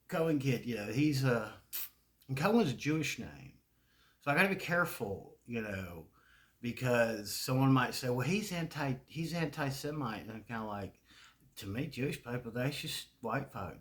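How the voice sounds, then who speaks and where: A man's voice: mid-range voice, animated, normal speed, fairly bright tone. A man with a Southern US accent, talking in a rambling, profane casual monologue and laughing often. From American South. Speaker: video creator.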